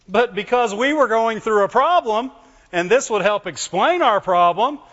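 A man preaching a sermon to his church, talking conversationally, calling for amens, and swinging between loud emphasis and quiet low asides. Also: expressive, normal speed. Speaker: pastor. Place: church hall. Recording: muffled lo-fi recording in a reverberant hall.

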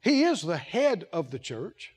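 A man's voice: high-pitched, big pitch swings, a little slow, a little mellow. A man preaching a sermon as head of a ministry, emphatic and repetitive, asking the congregation questions and acting out quotes.

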